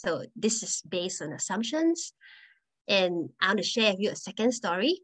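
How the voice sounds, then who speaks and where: A woman's voice: medium pitch, big pitch swings, moderate pace, a bit bright, breathy edge, poor audio. A woman guest speaker telling personal stories in a presentation talk, conversational and earnest, often restarting her phrases.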